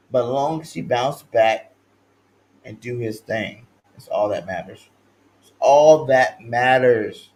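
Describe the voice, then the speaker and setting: A man from California hosting a sports talk stream, with a slightly higher-pitched voice. He is slangy and hyped, repeats catchphrases, and jumps between loud chanted lines and quiet mumbled asides. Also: poor audio. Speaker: sports show host.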